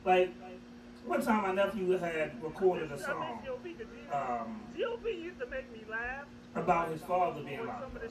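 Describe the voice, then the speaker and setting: A man's voice: fairly high pitch, slow, pauses often, echoey room, recorded from a distance, a loud crowd, rough recording. A man co-hosting a radio talk show, telling profane stories with laughter. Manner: animated, profane storytelling with laughter. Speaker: radio show co-host and engineer. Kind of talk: casual storytelling chat.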